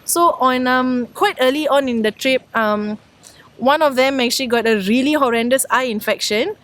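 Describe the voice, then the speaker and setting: A woman's voice: sits high, a bit bright. A young woman, co-hosting a casual podcast chat and eager to tell her own story. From Singapore. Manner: chatty, quick to correct and take over the story. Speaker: podcast co-host. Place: outdoors.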